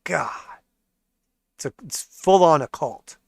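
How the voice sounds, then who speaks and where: Male market livestream host, sarcastic ranter, slightly high voice, dry close mic. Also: expressive, slow pace, creaky, breathy edge, no room sound. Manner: sarcastic, profane, laughs often. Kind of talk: ranting livestream commentary.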